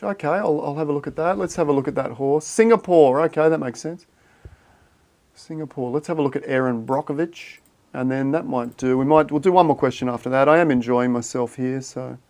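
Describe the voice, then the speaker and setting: A man hosting a casual livestream. He thinks out loud and chats with viewers in a friendly, matey way. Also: fairly high pitch, fairly quick, vocal fry. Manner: thinks aloud while reading viewer chat, matey and chatty. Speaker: livestream host.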